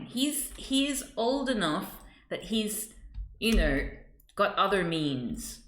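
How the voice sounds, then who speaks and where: A woman chatting casually on a live stream as she works, halting and laughing often as she greets viewers. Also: medium pitch, big pitch swings, roomy sound. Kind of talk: casual live-stream chat while working.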